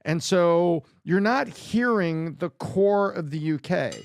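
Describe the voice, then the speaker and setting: A man's voice: sits high, takes it slowly, vocal fry. A man giving indignant, emphatic political commentary in a played clip.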